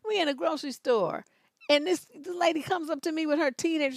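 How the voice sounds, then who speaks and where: A woman in her fifties hosting an advice show, telling stories bluntly with loud, profane emphasis. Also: high voice, fast talker, dry recording. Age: 50s.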